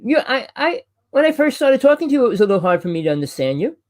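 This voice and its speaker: A man from New Jersey with a New Jersey accent, hosting a casual chat, talking loud and fast and rambling with restarts. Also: extremely high pitch, big pitch swings, no room sound. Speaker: host.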